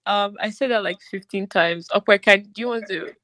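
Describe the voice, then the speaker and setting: A young woman on a podcast tells her faith story with earnest feeling, filling her sentences with "like". Her voice is of middle pitch and sits dry and close, with no room sound around it. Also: brisk, few pauses, fairly bright tone, no echo. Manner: earnest, emotional, says "like" often. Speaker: podcast co-host. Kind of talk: personal testimony, casual chat.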